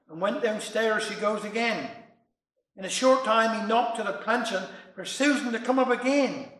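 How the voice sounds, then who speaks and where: A man's voice: sits high, normal speed, a bit bright, echoey room, low-quality recording. A man with a Cornish accent reciting humorous dialect poems and stories, chuckling between tales. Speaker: dialect storyteller.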